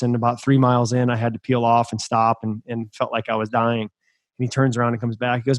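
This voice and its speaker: A man hosting a podcast, telling a story in an emphatic, energetic way. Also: mid-range voice, fast, no room sound. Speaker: podcast host.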